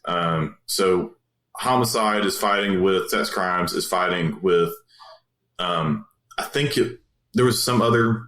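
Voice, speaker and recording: Man, police officer guest, low voice, casual rambling storyteller, echoey room. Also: slow pace, fairly bright tone. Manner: rambling, many fillers and restarts. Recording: roomy echo.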